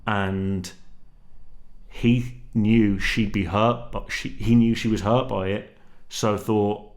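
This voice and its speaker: A man's voice: fairly low pitch, steady tone, slow pace. A young man talking casually to camera, rambling and slangy, with lots of restarts and swearing. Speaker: vlogger. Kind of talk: casual solo vlog chat.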